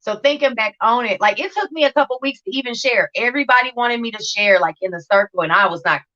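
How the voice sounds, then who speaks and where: A woman's voice: fairly high pitch, fast, sharp tone, highs cut off. A woman telling her recovery story in a livestream interview, blunt and profane, acting out scenes as she talks. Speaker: guest sharing recovery story.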